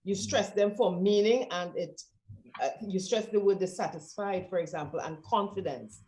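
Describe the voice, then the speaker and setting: A woman coaching speakers over a video call, giving brisk, encouraging directions. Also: medium pitch, warm tone, reverberant. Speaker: presentation coach. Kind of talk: online coaching session.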